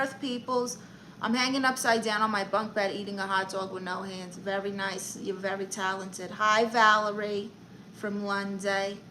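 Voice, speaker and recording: Brash Brooklyn-accented woman, bright sharp voice. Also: medium pitch, a little hiss or hum, poor audio. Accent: Brooklyn New York. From Brooklyn, New York. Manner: brash, chatty, greeting viewers and reading chat aloud. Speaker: livestream comedy host. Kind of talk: in-character live-stream chat.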